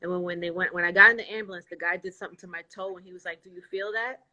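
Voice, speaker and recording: A woman's voice: lowish voice, fairly even intonation, rapid-fire, pushed and bright, dull audio. A woman guest in a casual livestream chat, earnestly recounting a painful ordeal over a video call.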